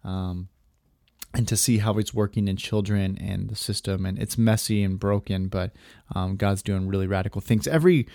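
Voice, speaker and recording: A man's voice: lowish voice, normal speed, creaky, a little mellow, no room sound, clean studio sound. A man hosting a podcast, telling a heartfelt personal story in an earnest, casual way with many fillers. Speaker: podcast host.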